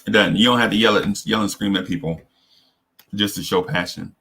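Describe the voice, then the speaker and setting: A man hosts a casual advice talk in a slightly low voice with a forceful, sharp edge. He speaks earnestly and haltingly, often restarting and repeating words as he works through his points. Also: creaky. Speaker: host.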